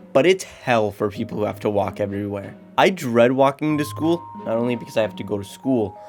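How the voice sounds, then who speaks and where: A man's voice: mid-range voice, darkish tone. Jokey young man with a slight North Dakota accent. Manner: sarcastic, jokey, self-deprecating. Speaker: YouTuber. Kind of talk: comedic vlog monologue.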